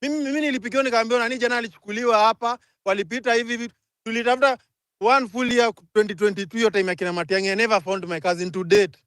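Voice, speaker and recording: Angry fast-talking Kenyan man. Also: high voice, fairly even intonation, a bit bright, clear, resonant tone, dry recording. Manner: angry, rapid code-switching rant. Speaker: speaker in a live audio room. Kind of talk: impassioned live chat.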